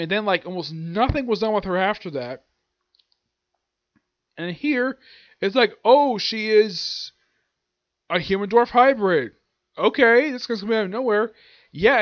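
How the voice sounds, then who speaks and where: A man's voice: sits high, dry recording, dull audio. A man reviewing an anime and manga chapter in a casual, rambling way, stopping to hunt for names and acting out the characters' lines.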